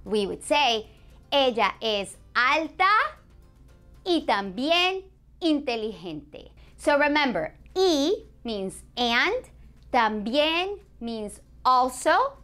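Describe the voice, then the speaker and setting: A woman teaching a beginners' language lesson, a native Spanish speaker who says example phrases slowly and clearly and praises the learner. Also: high-pitched, very animated, a bit bright, soft background music. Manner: clear, slow modeling of example phrases, encouraging.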